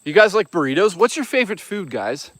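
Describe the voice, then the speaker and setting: A man's voice: high-pitched, big pitch swings, brisk, a bit bright, no echo. A young man live-streaming as he walks outdoors in the woods, chatting in a crude, rambling, joking way. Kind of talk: casual live-stream chat while walking.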